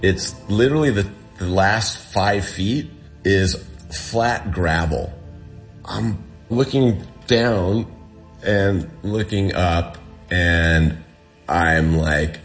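Very deep-voiced man telling a story. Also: slow pace, soft background music. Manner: animated, acts out quoted dialogue. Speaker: guest telling a survival story. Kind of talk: casual interview storytelling.

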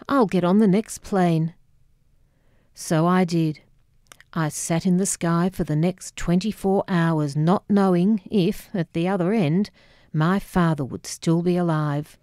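A woman narrating her own memoir as an audiobook, measured and wry. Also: lowish voice, dark tone, dry recording, clean studio sound.

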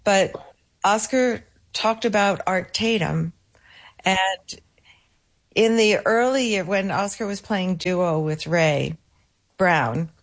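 A woman being interviewed about a musician's legacy, telling stories in a lively way and acting out the voices of people she quotes. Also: medium pitch, slow pace, long pauses. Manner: lively storyteller who acts out quoted voices. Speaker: guest, keeper of a late pianist's legacy. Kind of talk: conversational interview answers.

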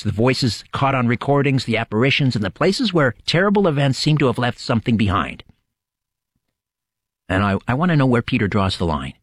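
A man hosts a late-night radio show in a dramatic, storytelling manner. His pitch rises and falls in a lively way. The sound is close and dry, with no room around it. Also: dry recording. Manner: dramatic, measured storytelling delivery. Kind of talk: scripted show opening narration.

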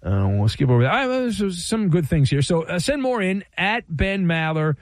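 A man's voice: high voice, big pitch swings, moderate pace, no echo. A man hosting a call-in sports talk radio show, delivering a playful, wry monologue full of rhetorical flourishes.

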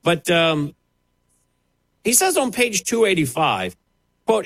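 A man's voice: high-pitched, sing-song, slow, pauses often, fairly bright tone, no echo, low-quality recording. A man giving pointed, sarcastic opinion commentary on air, talking in a loose conversational way. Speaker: radio commentator.

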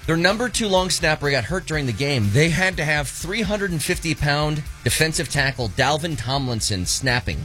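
A man hosting a casual sports talk show, animated and swooping in pitch when excited. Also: normal speed, few pauses, soft background music.

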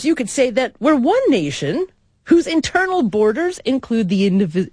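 A woman radio host speaks with an animated, lively pitch that rises and falls freely. Her delivery is articulate and expressive. The studio sound is close and dry. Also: no echo. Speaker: radio talk show host. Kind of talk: scripted radio introduction and interview. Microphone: studio microphone.

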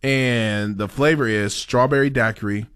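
A man's voice: mid-range voice, normal speed, a bit bright, clear, resonant tone. A man co-hosting a casual podcast, chatting playfully about food and drinks. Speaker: co-host.

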